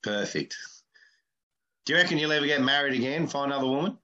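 A man's voice: medium pitch, lively intonation, fast talker, sharp tone, muffled recording. A man hosting a comedy podcast, teasing his guest with blunt banter. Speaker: podcast host. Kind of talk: casual comedy podcast chat.

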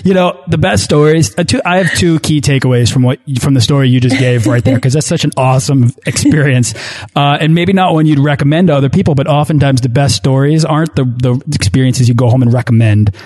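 A man's voice: a little high, brisk, darkish tone. A man hosting a travel podcast interview, speaking with encouraging enthusiasm. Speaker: podcast host.

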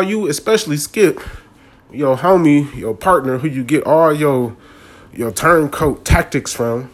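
A man, ranting casually and animatedly about a sports game in slangy talk. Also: fairly high pitch. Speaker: sports commentator.

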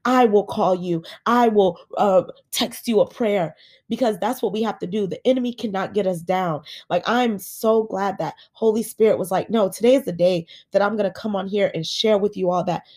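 A woman's voice: medium pitch, moderate pace, a little mellow. A woman hosting a faith podcast from her bed, earnestly encouraging her listeners and calling them guys. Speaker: podcast host. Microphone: home podcast setup.

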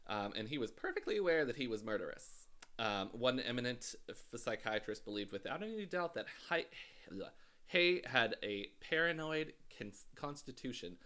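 Man, bright tone, lively pitch, hesitant, casual true-crime storytelling. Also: normal speed. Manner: hesitant, many ums and uhs, dry asides. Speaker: podcast co-host telling a true-crime story. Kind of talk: casual chat, recounting a case.

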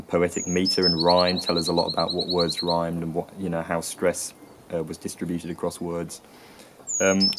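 A man explains the history of English accents in a casual teaching tone. His voice is very low and barely moves in pitch. He pauses often and fills the gaps with ums and restarts. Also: heavy background noise. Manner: hesitant, full of ums and restarts. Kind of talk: casual educational talk.

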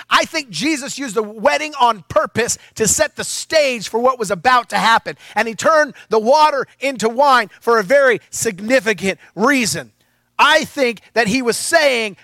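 Male pastor, lively sermon with playful asides; high, bright voice, dry close sound. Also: moderate pace, dry recording. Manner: animated and playful, with asides to the congregation.

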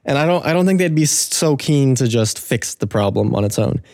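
A man chatting casually at a quick clip, thinking his points through aloud. His pitch sits in the middle range. The recording is dry and close. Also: animated, a little mellow, dry recording. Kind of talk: casual chat.

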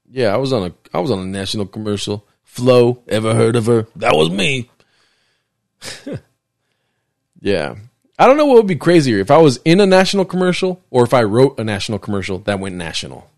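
A man's voice: on the high side, no room sound, clean studio sound. A young man hosting a casual solo podcast from a desk in his living room, rambling, joking and swearing, and slipping into mock voices. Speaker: podcast host.

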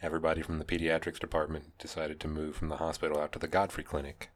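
A man's voice: very deep voice, completely flat delivery, fast. A young man co-hosting a podcast, chatting casually and dropping dry, teasing one-liners. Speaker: podcast co-host.

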